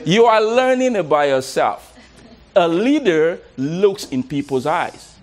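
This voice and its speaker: High, lively-voiced male motivational coach. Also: takes it slowly. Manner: animated, laughs often, repeats words, coaxes the audience. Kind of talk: motivational talk to a live audience.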